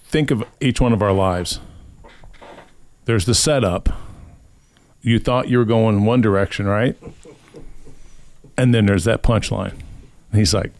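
A man's voice: fairly low pitch, unhurried, long pauses. A man hosting a podcast, casually retelling a scripture story and acting out the people's voices in quotes. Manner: animated storyteller who acts out voices in quotes. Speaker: podcast host.

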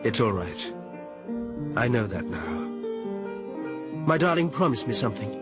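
A man reading the part of a clumsy, tender young man in a storybook romance, speaking softly and apologetically. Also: medium pitch, very animated, a little slow, over loud music. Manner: soft, apologetic.

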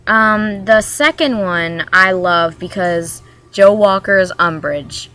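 A woman's voice: medium pitch, takes it slowly, bright, forceful tone. Hyper, rambling young woman vlogger. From Maryland, USA. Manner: hyper, rambling, jumps between topics. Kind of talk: casual vlog chat.

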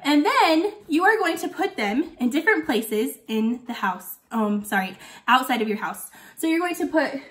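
A woman's voice: sits high, very animated, moderate pace, fairly bright tone. A woman voicing a forgetful old lady who teaches young children, chatting while chewing candy. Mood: chatty. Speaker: guest teacher for a kindergarten class. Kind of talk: playful video lesson for young children.

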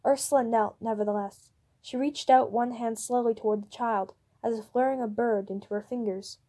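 A woman reading a novel chapter aloud in steady storybook narration. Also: a little high, moderate pace. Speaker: audiobook reader.

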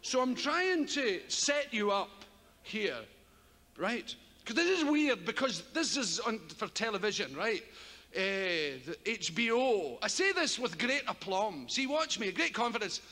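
A man's voice: high-pitched, unhurried. A Scottish man performing live stand-up comedy on a theater stage, telling rambling, profane stories into a stage microphone. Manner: rambling, profane, animated storytelling. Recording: reverberant live hall with loud audience.

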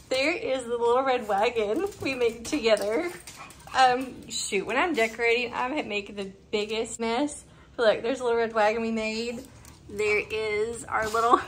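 A woman with a slightly high voice walks her phone camera around her front porch in a casual home decor walkthrough. She is chatty and upbeat, laughing often and letting excited squeals slip out. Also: unhurried, slight background noise. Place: outdoors on a front porch and yard.

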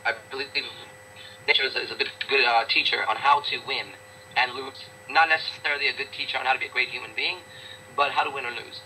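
Man, interview guest, blunt, profane, emphatic, very forceful bright tone. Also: medium pitch, steady tone, quick pace, a little hiss or hum, low-quality recording. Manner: repeats words for emphasis. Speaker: interview guest, business owner. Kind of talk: casual interview talk.

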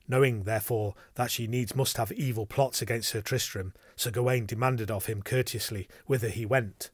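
A man narrating an audiobook in an even, measured storytelling manner. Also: mid-range voice, breathy edge, no echo, clean studio sound.

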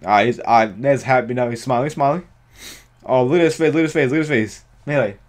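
Male reaction host, mid-pitched, excitable, slangy, swears freely, live commentary. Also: quick pace. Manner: excitable, slangy, swears often, frequent exclamations.

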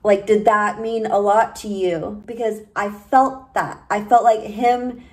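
Young woman vlogging, slow and earnest, tells her story like she's confiding in you. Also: medium pitch, steady tone, poor audio. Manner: earnest, confiding, quotes dialogue with "I was like". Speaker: spiritual vlogger. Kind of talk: personal storytelling to camera.

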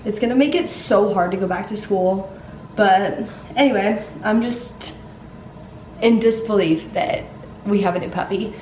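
A woman's voice: mid-range voice, unhurried, darkish tone, a little hiss or hum. A young woman in college chatting casually to the camera in a vlog, with lots of "like" fillers. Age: young adult. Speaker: vlogger. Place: at home and out on errands.

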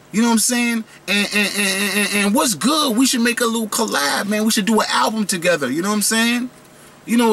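A man's voice: high voice, sharp tone, slight background noise, pitched above the performer's own voice. A man voicing a swaggering male gum pack who talks like a hip-hop hustler, boastful and full of street slang.

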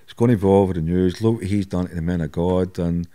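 A man's voice: low voice, steady tone, quick pace, mellow. A middle-aged Scottish man, a podcast guest, telling blunt stories in a candid interview, swearing and laughing at himself.

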